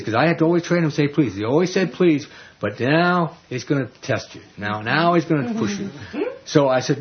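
A male preacher delivers a sermon full of personal stories at an ordinary mid-range pitch. He talks in an animated way, acts out the voices he quotes, and often restarts his sentences. The recording sounds dull and lo-fi. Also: a little fast, slight background noise.

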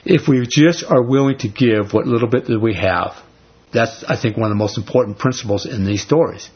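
Guy preaching, kinda husky, chatty and emphatic, dull lo-fi recording. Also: on the low side, brisk. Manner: conversational, emphatic, animated paraphrasing. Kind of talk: sermon with scripture reading.

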